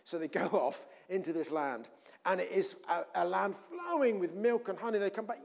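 A man preaching a sermon, telling a scripture story with animated acted-out voices. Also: sits high, moderate pace, vocal fry. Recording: long hall reverb.

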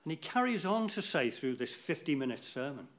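A man's voice: on the high side, very animated, brisk, fairly bright tone. A man giving an informal, rambling talk to a church group, chatty and losing his place now and then.

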